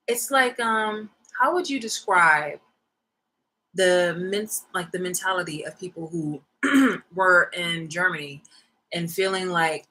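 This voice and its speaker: A woman's voice: lowish voice, bright, forceful tone, rough recording. A young woman vlogging in a rambling, slangy casual rant, swearing freely.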